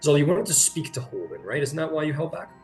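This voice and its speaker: A man's voice: fairly high pitch, very animated, fast talker, darkish tone, faint music behind. A man narrating a tabletop role-playing game as game master, rambling and breaking off mid-sentence. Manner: rambling, self-interrupting, laughs often.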